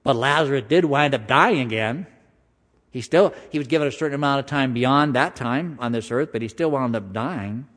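A man preaching a sermon in a conversational style, slowing down for emphasis and acting out voices. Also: medium pitch, fairly bright tone. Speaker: pastor. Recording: long hall reverb.

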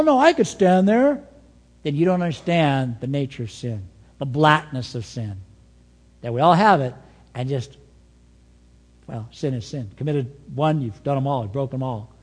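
A man preaching a sermon as pastor, telling stories with an animated delivery that swings between soft asides and emphatic points. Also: a little high, big-room sound.

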